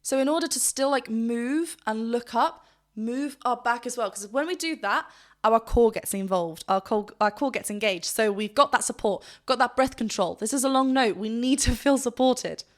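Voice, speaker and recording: A woman vocal coach explaining singing technique in a reaction video, breaking off to demonstrate with loud sung yelps. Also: on the high side, moderate pace.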